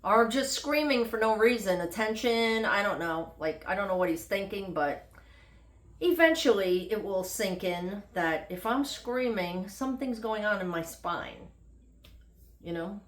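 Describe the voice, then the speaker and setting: A woman's voice: mid-range voice, expressive, measured pace. A middle-aged woman vlogging a casual, unedited health update in a rambling, chatty way with self-deprecating humor. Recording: echoey room.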